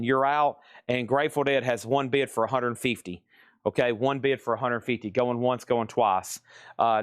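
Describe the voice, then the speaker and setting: A man calls out prices and names at a live vinyl sale, repeating them and chatting as he sorts crates. His voice is smooth and resonant, and the sound is dry and close with little room echo. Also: mid-range voice. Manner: brisk, repeats prices and names, folksy asides. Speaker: live auction seller. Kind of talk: live-stream sales patter. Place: record shop, moving between crates.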